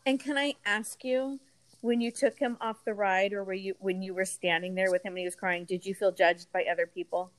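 A woman's voice: medium pitch, steady tone, brisk, rough recording. A woman podcast host interviewing a guest, mostly giving brief supportive interjections.

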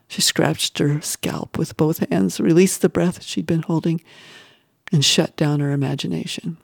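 A woman reading a novel aloud in measured, expressive audiobook narration, sometimes dropping to a whisper. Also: on the low side, vocal fry, no echo, studio quality. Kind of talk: scripted narration.

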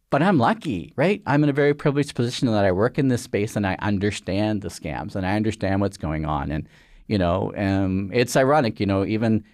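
This earnest, filler-heavy interview guest is a middle-aged Canadian man who serves as a regulator official, and he tends to ramble in the conversational exchange. His pitch is fairly low and his tone darkish. The audio is studio quality with no room sound.

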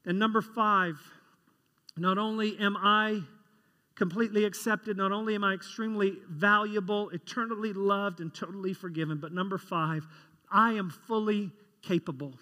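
A man's voice: high voice, fairly even intonation, normal speed, bright, forceful tone. A man preaching a sermon as a pastor, telling stories in a conversational way and asking the congregation questions. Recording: long reverb of a large hall.

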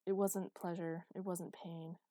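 Narrating a romance audiobook in the first person, a woman keeps her storytelling steady, intimate, and unhurried. Her tone is mellow and low rather than bright, captured in a close, dry recording with no audible room.

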